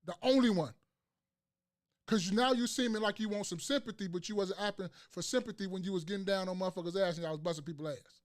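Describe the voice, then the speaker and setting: A man's voice: high-pitched, quick pace. A man hosting a casual podcast chat, ranting emphatically with slang and profanity and repeating phrases for emphasis. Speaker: podcast host.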